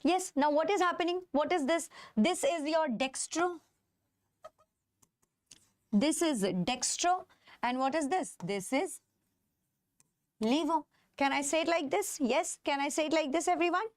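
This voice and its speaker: In a live online chemistry class, a high-pitched woman with an Indian English accent teaches without any echo. She draws out the key terms she stresses and checks in with her students constantly.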